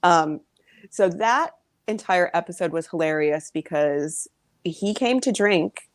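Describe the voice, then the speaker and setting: A woman's voice: on the low side, expressive, takes it slowly, no room sound. A woman co-hosting a podcast over a video call from her living room, chatting in a laid-back way. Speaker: podcast co-host.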